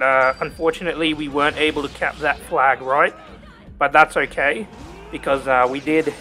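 A man's voice: a little high, bright, forceful tone. A man with a put-on, exaggerated Australian accent giving rambling gameplay commentary, tacking "mate" and "right?" onto his lines. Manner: hams up a jokey Aussie persona, tags lines with "mate" and "right?"; rambling, self-talking with many ums. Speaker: gaming channel host.

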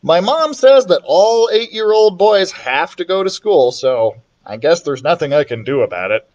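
A man reading a children's chapter book aloud, expressive and playful, switching voices for the characters. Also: normal speed, dull audio. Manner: expressive, voices the characters with big pitch swings. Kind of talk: storybook read-aloud.

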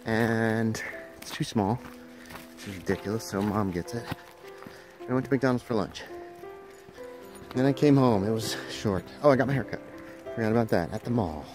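A man's voice: fairly low pitch, normal speed, pauses often, over music. Chatty man vlogging his daily life. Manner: chatty, talks fondly to his dogs. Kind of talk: casual daily vlog narration.

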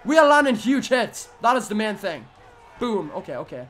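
Brief: young male let's-player, very high voice, excitable, mutters then yells at the game. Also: normal speed, a little hiss or hum. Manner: excitable, yelling at the game, swings from muttering to screaming. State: voice going hoarse from shouting. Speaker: gaming commentator. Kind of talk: live let's-play commentary.

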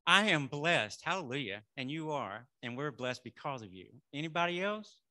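A middle-aged male minister preaching a sermon in a conversational way, saying y'all and building to loud affirmations. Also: mid-range voice, big pitch swings, fairly quick.

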